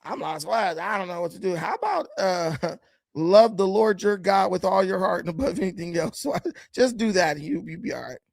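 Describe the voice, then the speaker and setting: A man's voice: sits high, animated, fairly quick, gravelly, no room sound. A man giving blunt, combative commentary while reacting to video clips, often mocking the people he watches. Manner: blunt, combative and mocking, with sudden swings in loudness.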